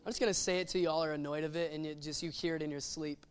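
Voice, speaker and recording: A man preaching a sermon in an animated, playful way, acting out little quotes as he goes. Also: on the high side, fast, clean tone.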